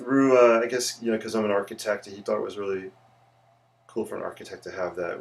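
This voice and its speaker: A man's voice: on the low side, vocal fry. A man, an architect who teaches, chatting casually with viewers on a livestream while he sketches. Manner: chatty, greets viewers, rambling asides.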